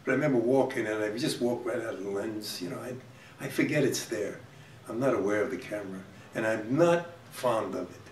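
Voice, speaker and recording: A man hosts a casual interview, telling stories in a rambling, halting way full of restarts. His voice sounds a few feet from the mic in a reverberant room, with a faint wash of ambient noise. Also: fairly low pitch, recorded from a distance. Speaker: talk show host.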